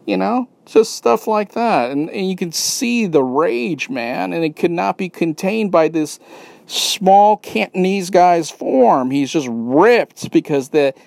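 Male podcast host, a touch higher-pitched than most, dry close sound, casual rambler who swears and restarts often. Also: lively intonation, slow pace, creaky, a little mellow, no echo. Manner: rambling, profane, many restarts and fillers.

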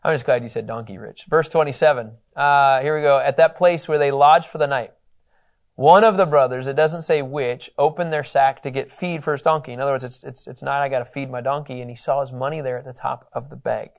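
A man teaching a Bible class, telling the story with animated, joking delivery. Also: mid-range voice, brisk, vocal fry.

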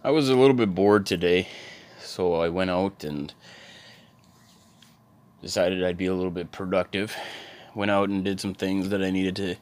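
A man doing a solo podcast, rambling casually with sarcastic, crude, deadpan humor. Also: sits low.

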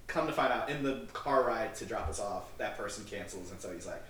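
A man's voice: on the low side, fairly quick, a bit bright. A male podcast co-host telling a rambling, casual story, full of filler words and acted-out dialogue. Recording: roomy, distant mic, faint noise.

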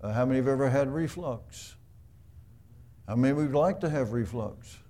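A man's voice: mid-range voice, normal speed, mellow. A man preaching a sermon in a conversational, storytelling way, asking the congregation rhetorical questions. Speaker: pastor.

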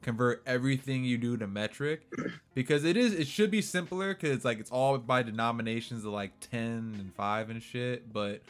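Loud, laughing man in his twenties. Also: mid-range voice, normal speed. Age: 20s. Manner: loud, laughing, profane banter. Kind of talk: casual chat.

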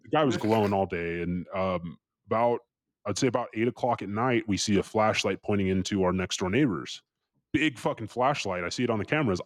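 As a podcast guest, a young California man with a lowish voice recounts a story in a casual way, recorded without echo. His telling is animated and profane, complete with performed voices for anyone he quotes.

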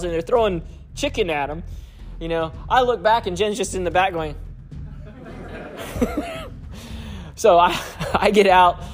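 A man's voice: high voice, wildly swooping pitch, measured pace, long pauses, a little hiss or hum. A man preaching through a personal story, chuckling often as he talks. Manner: chuckles often while telling stories. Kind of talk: storytelling sermon.

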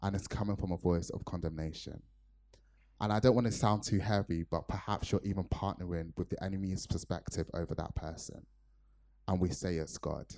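A man's voice: low-pitched, steady tone, a little fast, a little mellow. A man from Nigeria preaching a sermon to his church, telling a personal story earnestly with frequent fillers.

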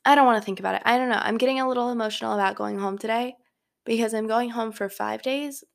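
A woman's voice: on the high side, fast, gravelly. A young woman hosting a casual solo podcast from her bedroom, rambling with lots of filler words. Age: young adult. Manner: rambling, filler-heavy chatter. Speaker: podcast host. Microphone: home microphone.

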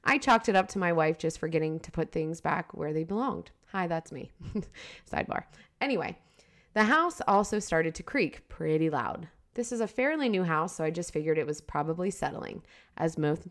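Brief: woman co-host, lowish voice, frank and laughing, reads a story aloud between chat. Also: lively intonation, moderate pace. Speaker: podcast co-host.

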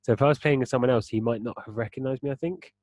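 A man's voice: mid-range voice, steady tone, rapid-fire, a little mellow, no echo, highs cut off. A young man in casual gaming chat, explaining at length and laughing often as a podcast co-host.

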